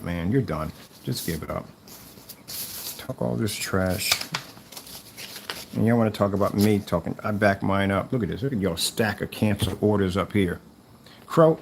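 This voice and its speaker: There's a little hiss or hum behind this fairly low, gravelly male voice. He's a YouTuber going after a rival seller, mocking and taunting him and saying the same things again and again.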